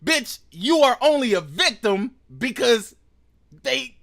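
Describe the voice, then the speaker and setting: A man hosting a reaction commentary show, ranting loudly and mockingly with heavy profanity. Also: extremely high pitch, lively intonation, moderate pace. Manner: loud, profane, mocking rants. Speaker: commentary host.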